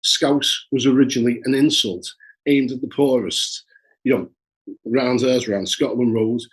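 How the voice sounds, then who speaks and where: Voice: medium pitch, steady tone, moderate pace, breathy edge. A speaker in a casual interview, talking emphatically and with force.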